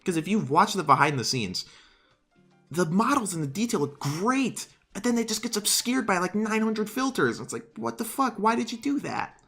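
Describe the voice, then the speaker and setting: A man in his twenties streaming, giving casual commentary in an animated, exasperated rant with some swearing. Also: a little high, husky. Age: 20s.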